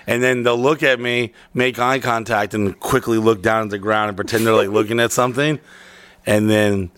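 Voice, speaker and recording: A man chatting casually and telling a story, swearing often and deadpan in his delivery. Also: on the low side, normal speed, clean tone, no echo. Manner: profane, deadpan.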